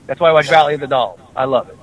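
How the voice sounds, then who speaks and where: A man hosting a podcast in casual chat, telling stories in an animated way and acting out quoted voices. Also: medium pitch, racing, crowd noise, poor audio. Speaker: podcast host.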